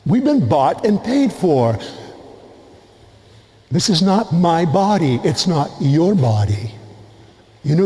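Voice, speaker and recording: Priest man w/ a new england accent giving a homily, slow and careful, bit high voice, church echo. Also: dark tone. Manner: slow, deliberate delivery with pauses. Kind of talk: Gospel reading and homily. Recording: long church reverb.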